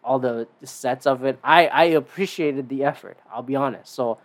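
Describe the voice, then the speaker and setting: A man talks alone on his podcast in a loose, rambling way, swearing often and leaning on fillers. His voice jumps high and drops low as he goes. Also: normal speed. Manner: rambling and profane, with many fillers. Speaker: podcast host. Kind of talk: casual solo podcast monologue.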